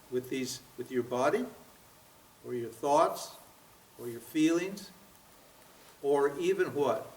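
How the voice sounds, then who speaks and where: A man in his seventies giving a spiritual seminar lecture, pressing his listeners with rhetorical questions and frequent "huh?" and "what?". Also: on the high side. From United States. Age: 70s. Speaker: spiritual teacher. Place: seminar room at a yoga center. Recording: roomy, from far off.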